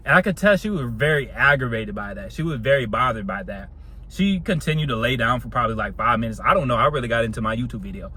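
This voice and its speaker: A man's voice: medium pitch, lively intonation, fast talker, bright, forceful tone, slightly rough. A young man telling a casual storytime monologue in a slangy, laid-back way, laughing often.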